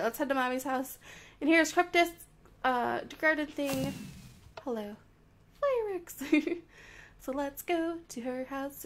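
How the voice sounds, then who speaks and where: Bubbly high-voiced young woman. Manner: bubbly, gushing and playful, quick swings between excited squeals and soft murmurs. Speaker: Minecraft video creator. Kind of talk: casual gameplay commentary.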